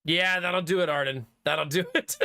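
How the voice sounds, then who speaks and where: A man's voice: sits high, vocal fry, bright, forceful tone. A man streaming a game, chatting casually with his viewers, laughing often and answering their comments. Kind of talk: casual live-stream chat.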